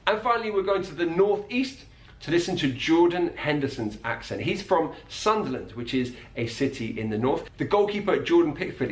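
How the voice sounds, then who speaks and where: Man explaining accents in a roomy space. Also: on the high side. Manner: clear, demonstrates sounds by repeating words. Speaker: accent coach. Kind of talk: explanatory video lesson. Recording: roomy echo.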